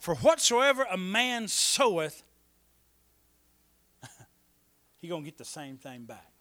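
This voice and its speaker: A man preaching a sermon, calling on the congregation for amens and swinging between quiet asides and loud, emphatic lines. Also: high-pitched, very animated, moderate pace, pauses often. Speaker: pastor.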